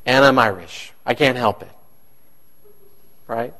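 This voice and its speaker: A man's voice: medium pitch, takes it slowly, sharp tone. A man, a pastor, preaching a conversational sermon and asking his congregation questions.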